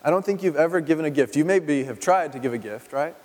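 A man's voice: a little high, lively intonation, quick pace, a little mellow. Chatty preacher man in a reverberant hall. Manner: chatty, full of rhetorical questions. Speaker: pastor. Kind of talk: conversational sermon.

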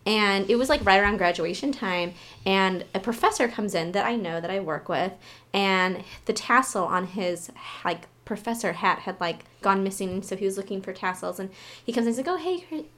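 A woman's voice: medium pitch, moderate pace, a bit bright. A woman co-hosting a podcast, telling rambling stories with lots of "like.". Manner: rambling, heavy use of "like". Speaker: podcast co-host. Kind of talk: casual chat.

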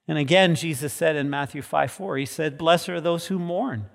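A man preaching a sermon as pastor. He moves from soft, quiet passages to loud, emphatic peaks. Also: on the high side, normal speed, creaky. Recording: long reverb of a large hall.

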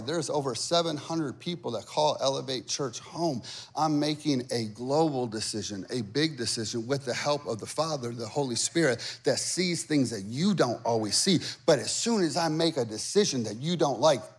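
A man's voice: medium pitch, breathy edge. A man preaching a sermon as pastor, talking to the congregation conversationally and building to emphatic, repeated lines.

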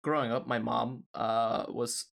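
Gravelly man chatting on a podcast. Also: mid-range voice, measured pace. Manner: relaxed, hesitant, many fillers. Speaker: podcast co-host. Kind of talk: casual podcast chat.

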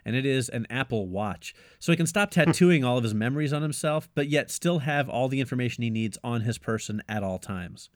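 A man's voice: mid-range voice, lively intonation, a little fast, few pauses, no room sound, clean studio sound. A man co-hosting a casual podcast, rambling with lots of "you know" and "like". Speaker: podcast co-host.

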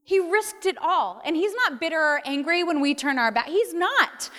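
High-voiced woman preaching in a hall. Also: animated, moderate pace. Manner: heartfelt, tearful at times, laughs often. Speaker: pastor. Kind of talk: sermon. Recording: long hall reverb with soft music.

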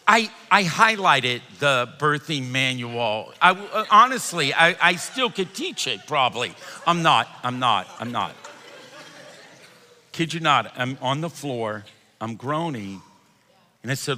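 A man preaching with animated storytelling, laughing and rising to shouts. His voice is high and very bright, and a long reverb trails behind it in a large hall. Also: a little slow, a little hiss or hum. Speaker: pastor. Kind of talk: sermon.

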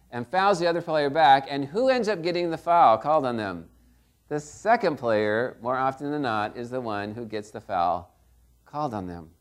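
A middle-aged man preaching a sermon in a conversational way, often checking in with the congregation. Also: a little high. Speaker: pastor.

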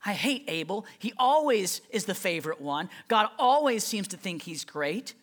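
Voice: medium pitch, big pitch swings, normal speed. A preacher acting out Cain as a jealous, self-pitying man who feels unloved. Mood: sulking.

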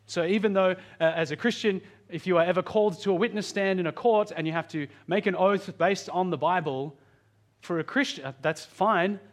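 A man delivers a sermon in an earnest, pastoral tone. His voice sits fairly high for a man. He slows right down on key phrases and rushes through asides. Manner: earnest, varies pitch and pace for emphasis.

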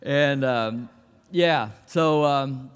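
A man's voice: mid-range voice, drawn-out words, smooth, in a large hall. A man, a pastor praying and then telling stories in a folksy, conversational way, with frequent restarts. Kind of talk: sermon with prayer and storytelling. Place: church.

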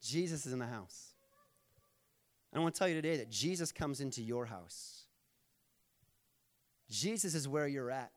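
A male pastor preaches a sermon in a relaxed, conversational style, joking easily with the room, then growing earnest to make his point. His voice is at an ordinary male pitch, his pace moderate, and he pauses often.

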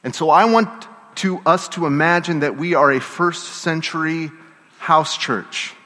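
A man's voice: fairly high pitch, measured pace, bright, forceful tone. A man preaching a sermon, telling the story with energy and getting the congregation to call out responses. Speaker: pastor. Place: church. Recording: long reverb of a church hall.

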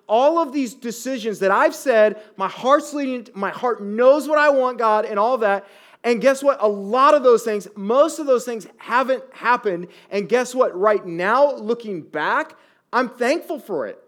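A man in his thirties preaching a sermon as a pastor, conversational and animated, often asking the listeners rhetorical questions. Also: very high voice, measured pace.

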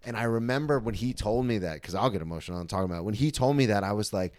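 A man's voice: on the low side, rapid-fire, darkish tone, dry recording, clean studio sound. A man hosting a podcast, talking earnestly and reflectively, at times emotional, with restarts and sweary asides. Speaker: podcast host. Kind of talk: candid podcast conversation.

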